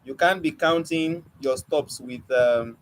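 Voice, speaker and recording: A man's voice: fairly high pitch, takes it slowly, slight background noise, low-quality recording. A young man teaching an online poetry lesson, coaxing and questioning his students with light teasing. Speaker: poetry mentor.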